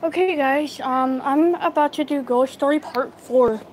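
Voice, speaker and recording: A woman with a high voice tells a story to live viewers into her phone, taking her time. She talks in a halting way, full of fillers and restarts. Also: a little mellow, a little hiss or hum, low-quality recording. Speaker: livestream storyteller.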